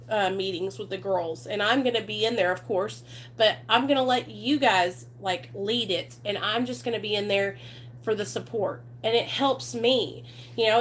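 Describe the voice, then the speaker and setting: A woman with a somewhat high voice chats directly to her viewers. Her talk is warm in its wording, loose and full of fillers like "you know" and "like". She keeps coming back to "you guys" and "y'all". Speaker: recovery channel host.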